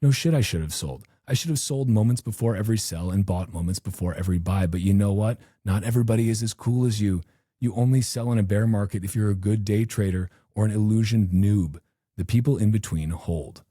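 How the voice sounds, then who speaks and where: A podcast host rambles through a loose, profane, self-mocking monologue. His voice sits deep and dark, with a husky edge. The sound is dry and close to the mic. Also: brisk, dry recording. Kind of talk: casual live-stream monologue.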